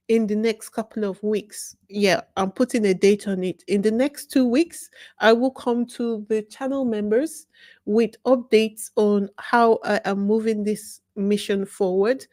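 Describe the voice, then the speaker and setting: The recording is dry, and her voice is a little high and a little mellow. On her own YouTube channel, she gives a casual vlog monologue, speaking with fervor and emphasis and posing pointed questions to herself.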